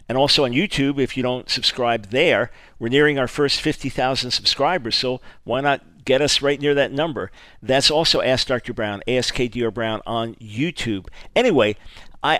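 A man's voice: medium pitch, normal speed, dry recording. Emphatic male radio talk host, dry studio sound. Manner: emphatic and animated, stressing key words. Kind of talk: radio talk show monologue. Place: radio studio, audio only.

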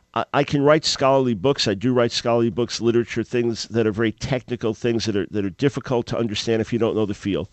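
Emphatic male talk radio host. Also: no room sound. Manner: animated, jumps to a much higher, louder voice when acting out his own past thoughts; preacherly, emphatic. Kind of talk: call-in talk radio, telling a story.

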